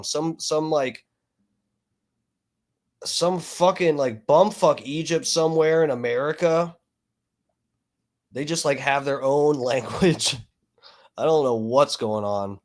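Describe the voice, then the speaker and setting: A man with a fairly high voice rambles through casual stream commentary, cursing freely and padding his talk with fillers. He speaks into a desk microphone. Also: measured pace, pauses often. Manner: rambling, profane, frequent fillers. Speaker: streamer reacting to videos.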